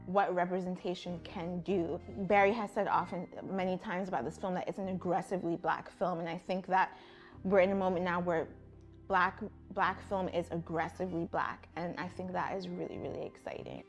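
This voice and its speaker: Woman talking film stuff, thoughtful, says like a lot, lower voice, soft music under. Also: fairly even intonation, normal speed. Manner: thoughtful, uses fillers like "like". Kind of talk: cultural commentary in conversation.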